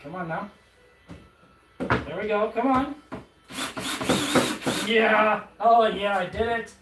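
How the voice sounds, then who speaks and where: Talking slowly in a medium-pitched voice, a streamer chats casually while building furniture on a live stream. The commentary rambles, pokes fun at themself, and is full of stammered restarts. The mic is far away, leaving roomy echo and faint noise.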